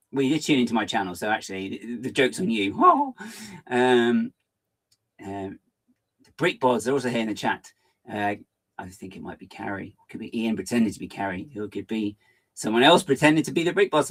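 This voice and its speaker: A man hosts a casual live stream, talking quickly and excitedly and jumping from one tangent to the next. His pitch swings up and down a lot, and his tone stays chatty and loose. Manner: fast, hyper and rambling. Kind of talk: casual live-stream chat, reading viewer comments.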